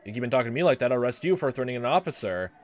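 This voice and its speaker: A man's voice: mid-range voice, lively intonation, very fast, close to an everyday voice. A man voicing a smug, clipped police officer. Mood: officious.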